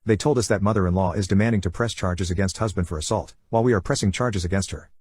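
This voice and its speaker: Low, breathy, and a bit husky, this man's voice moves quickly and evenly as he narrates stories from the internet. There's no room sound at all; the audio is close and dry.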